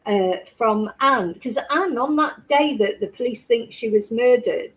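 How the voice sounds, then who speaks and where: A woman with an animated voice on the high side talks at a measured pace over a rough recording. As host of a true crime channel, she rambles through a casual chat with her live chat viewers and keeps throwing out rhetorical questions.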